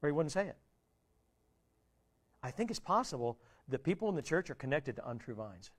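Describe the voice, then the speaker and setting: A man pastor delivering a sermon, pleading and rhetorical, swinging between loud appeals and hushed quiet asides. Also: on the high side, sing-song, brisk, breathy edge.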